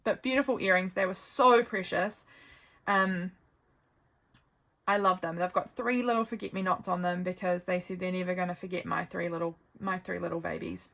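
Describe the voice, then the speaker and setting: Chatty New woman. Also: mid-range voice. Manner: rambling, gentle and affectionate, many ums. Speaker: journaling vlogger. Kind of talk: chatty journal flip-through.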